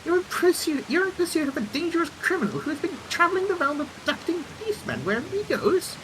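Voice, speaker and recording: A man's voice: extremely high pitch, very animated, fast, background noise, pitched above the performer's own voice. A man voicing an eager, formal male airship engineer with a put-on accent in a game read-along. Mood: concerned. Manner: formal, eager and a bit pompous.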